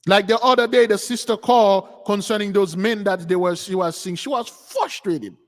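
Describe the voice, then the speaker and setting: A man's voice: sits high, moderate pace. A man hosting a channel, delivering an impassioned, preachy rant as livestream commentary. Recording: long hall reverb.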